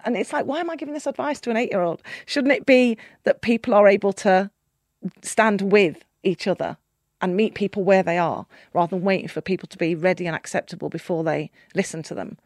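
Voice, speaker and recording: A woman, a podcast guest telling candid stories in a lively way, laughing often and acting out the voices she quotes. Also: mid-range voice, a little fast, no room sound, clean studio sound. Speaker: podcast guest, keynote speaker. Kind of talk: candid conversational storytelling.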